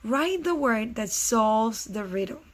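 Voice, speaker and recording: A middle-aged woman teacher giving a recorded science lesson to first graders, explaining slowly and asking the children questions. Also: a little high, animated.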